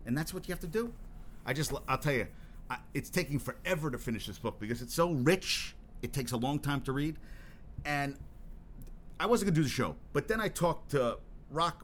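A man in the middle of a rambling solo podcast monologue, stumbling over his words and cursing freely. His pitch sits in an ordinary middle range. A faint hum of ambience stays behind him. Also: a bit bright. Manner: rambling and profane, with frequent restarts; worked up and emphatic. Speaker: podcast host.

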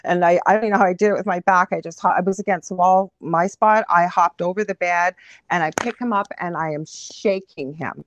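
A woman's voice: on the low side, a little fast, highs cut off, a little hiss or hum. A woman from Canada, a guest medium, vividly recounting a story in a conversational interview. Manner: animated, vivid retelling.

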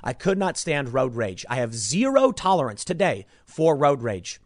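Man from Chicago, solo commentator, emphatic and rambling, lively pitch, dry close sound. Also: moderate pace, dry recording. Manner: emphatic, rambling, repeats words. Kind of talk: opinionated news commentary monologue.

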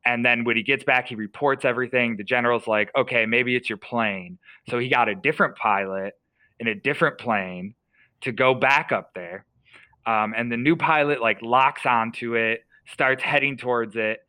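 Bright-voiced man telling a story casually. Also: medium pitch, moderate pace, smooth, dry recording, rough recording. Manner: casual, filler-heavy retelling with many "like"s and restarts. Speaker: podcast co-host.

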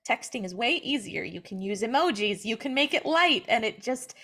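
A young woman with a fairly high voice talks earnestly in a relaxed conversation about faith. She speaks openly and personally, and she livens up when she acts out other people's words. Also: moderate pace. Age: young adult. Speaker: guest, mother sharing her story.

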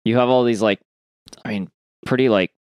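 A man's voice: mid-range voice, steady tone, normal speed, a little mellow, clean tone, no echo, clean studio sound. A man co-hosting a film podcast, rambling in casual chat with lots of fillers and swearing. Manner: rambling, many fillers, swears and laughs easily. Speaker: podcast co-host.

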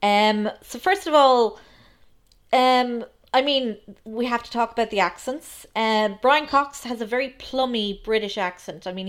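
A woman co-hosts a casual film podcast in a mid-pitched voice. She talks in a chatty, analytical way and fills her pauses with ums. Her points come in a relaxed, conversational flow. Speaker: podcast co-host.

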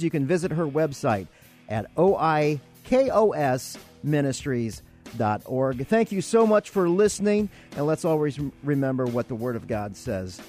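Lively woman hosting a radio show. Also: deep voice. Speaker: radio host. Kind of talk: radio interview and sign-off.

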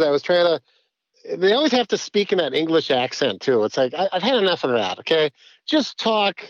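A man's voice: fairly high pitch, no echo. Man, podcast guest, chatty rambler, dry slightly lo-fi sound. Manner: rambling, animated, many restarts. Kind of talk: casual podcast chat.

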